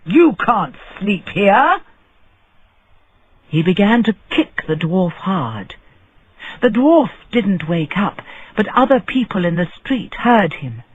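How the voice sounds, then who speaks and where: Slow, husky man narrating. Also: high-pitched, big pitch swings, dry recording, phone-quality sound. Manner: clear, deliberate phrasing. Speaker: storyteller. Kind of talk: slow audiobook narration for English learners.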